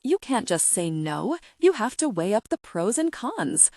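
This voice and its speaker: A woman voicing an excitable, indignant young woman friend in an audiobook. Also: medium pitch, measured pace, dry recording, studio quality. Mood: eager, indignant. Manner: eager, indignant.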